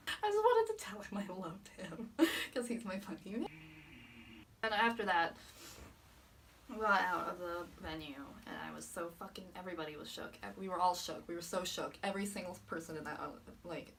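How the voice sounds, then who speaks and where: A woman's voice: on the low side, animated, normal speed, fairly bright tone, recorded from a distance, slight background noise. A young woman recapping a fan meet in a vlog, gushing, swearing a lot and laughing often. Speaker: vlogger.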